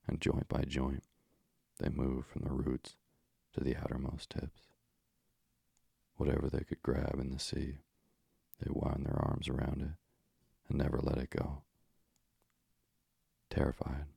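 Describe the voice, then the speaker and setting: A man narrating a fairy tale in a slow, measured reading. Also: very deep voice, gravelly, dark tone, breathy edge, no echo, studio quality.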